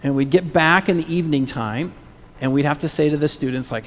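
A middle-aged male pastor preaching a sermon, animated, moving between loud calls and hushed whispers and prompting the congregation to say words aloud. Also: fairly high pitch, brisk, a little hiss or hum. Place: church sanctuary. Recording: long church reverb.

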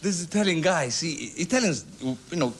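A Brazilian-born man telling comic stories as a guest on a television talk show, breaking into squeaky voices for his characters. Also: animated, normal speed, background noise. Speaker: guest entertainer.

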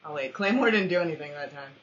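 Bright, lively woman gamer trash-talking. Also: low-pitched, fast. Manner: playful trash talk with mock-formal phrasing; excitable yelps and laughs. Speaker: gamer commentating her own match. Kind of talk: let's-play commentary. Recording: dull lo-fi recording.

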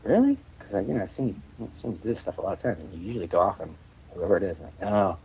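A man's voice: deep voice, racing, husky, lo-fi sound. A male musician guest telling a rambling story in a podcast interview, with plenty of restarts and fillers.

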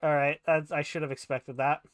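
A man's voice: a little high, flat delivery, fairly quick, dry recording. A young man live-streaming a game, thinking aloud, laughing often and swearing as he plays.

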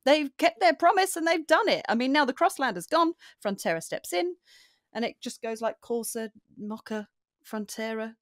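Lively woman, dry close sound. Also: on the high side, normal speed, dry recording. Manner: upbeat, chatty, playful. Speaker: podcast co-host. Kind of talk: casual chat.

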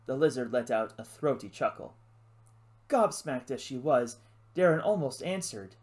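Storybook narrator, expressive and animated in pitch, reading adventure prose. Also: normal speed. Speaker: audiobook narrator. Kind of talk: scripted narration.

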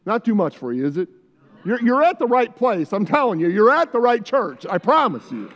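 A man's voice: sits high, very animated, moderate pace. Fervent preaching man in echoing hall. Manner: fervent, repetitive exhortation with spoken prayers. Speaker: pastor. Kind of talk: sermon. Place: church sanctuary. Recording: muffled sound with long hall reverb.

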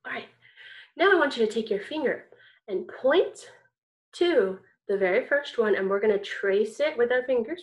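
A woman's voice: a little high, expressive, a little slow. A woman teaching an online kindergarten music lesson, encouraging and singsong as she chants rhythms.

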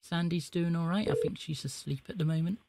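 A man's voice: fairly high pitch, brisk, vocal fry, background noise. A man live-streaming, chatting to viewers and prank-calling scammers. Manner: chatty, talks to chat between calls.

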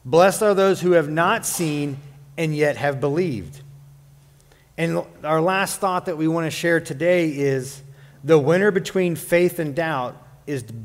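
A male pastor preaching a sermon in a church, animated and jokey with playful asides. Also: on the high side, in a large hall. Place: church sanctuary.

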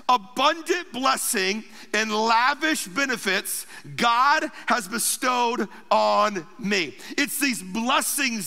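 Male pastor, very high and piercing voice, emphatic sermon delivery, reverberant church hall. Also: sharp tone. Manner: emphatic preaching with repeated phrases. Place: church sanctuary.

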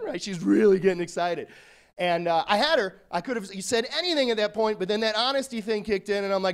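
A man's voice: high-pitched, lively intonation, fairly quick. A male comedian telling rambling, self-deprecating stories in a stand-up routine.

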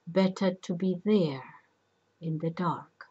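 Slow, husky woman narrator. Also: on the low side, mellow, muffled recording. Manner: slow, measured reading. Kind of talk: storybook reading of a myth.

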